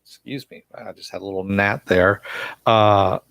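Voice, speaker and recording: A man's voice: fairly low pitch, fairly even intonation, moderate pace, creaky, a bit bright, dry recording. A man recapping a TV episode on a live stream, rambling with lots of fillers and chuckles. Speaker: TV show reviewer.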